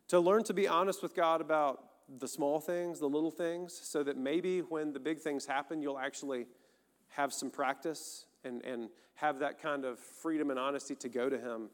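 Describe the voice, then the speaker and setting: A man preaching a sermon, earnest and conversational, speaking directly to his listeners. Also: fairly high pitch. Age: adult, married. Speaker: pastor. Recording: long reverb of a large hall.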